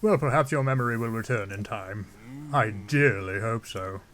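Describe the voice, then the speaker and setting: A man's voice: lowish voice, normal speed, a bit bright, slight background noise, close to an everyday voice. King Dorephan, a man doing a stately fish-king. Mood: regal. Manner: formal, stately old-fashioned speech. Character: huge, booming old fish-king, courteous and regal.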